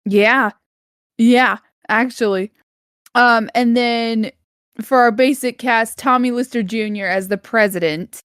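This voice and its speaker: A woman's voice: on the high side, fairly even intonation, slow, fairly bright tone, smooth, dry recording, clean studio sound. A woman hosting a casual podcast, laughing often and stumbling through fillers. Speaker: podcast host. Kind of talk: casual chat.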